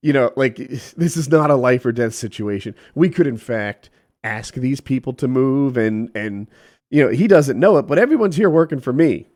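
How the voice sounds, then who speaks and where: Animated, swearing man telling a story. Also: medium pitch, normal speed. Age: middle-aged. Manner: animated, profane, quotes people in voices. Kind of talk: casual storytelling chat.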